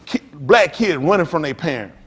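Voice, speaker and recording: A man preaching a sermon as pastor, telling stories with loud outbursts. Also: on the high side, moderate pace, breathy edge. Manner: animated preaching with storytelling, loud outbursts and laughs.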